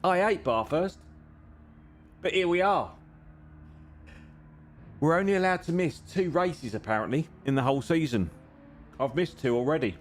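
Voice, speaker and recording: A man's voice: a little high, expressive, normal speed, pauses often, a little hiss or hum. A man hosting a sim racing live stream in casual chat, rambling and self-deprecating with lots of filler sounds, a bit tired.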